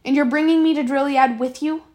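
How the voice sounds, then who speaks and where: A woman reading aloud and voicing a proud teenage servant girl who speaks in a sharp, accusing, hurt way. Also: high-pitched, fairly even intonation, fairly quick, close to an everyday voice. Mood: angry.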